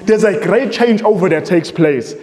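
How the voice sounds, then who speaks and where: A man preaching with a high, urgent voice, asking questions and then answering them himself. The sound is roomy and echoes with a long reverb. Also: animated, normal speed, dark tone. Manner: emphatic, repeats phrases, asks rhetorical questions. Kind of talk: sermon with readings.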